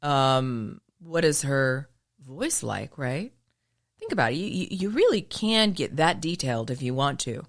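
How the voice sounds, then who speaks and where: A woman with a low, polished broadcaster voice delivers a motivational monologue. Her enunciation is crisp. Her pitch swings widely as she puts questions to the listener and answers them with emphasis. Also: very animated, a little slow. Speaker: podcast host and former news broadcaster.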